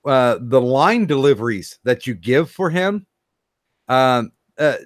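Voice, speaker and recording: A man of middle pitch hosting a casual podcast, speaking in halting bursts with frequent pauses. His voice is recorded close up, with a dry, dead sound and no room echo. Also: lively intonation. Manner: halting, many fillers and restarts. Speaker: podcast host.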